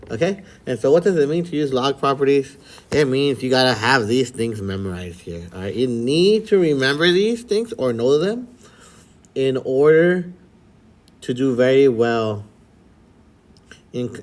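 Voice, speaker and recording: Man, math teacher for a video lesson, easygoing and chatty, keeps checking in with the class. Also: medium pitch. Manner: relaxed and chatty, checks in with frequent "all right?" and "okay?". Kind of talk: casual recorded lesson for students.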